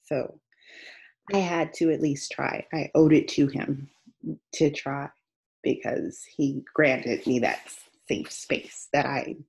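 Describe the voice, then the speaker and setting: Husky low-voiced woman, earnest and heartfelt. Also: slow, darkish tone. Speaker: guest author. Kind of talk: candid personal interview.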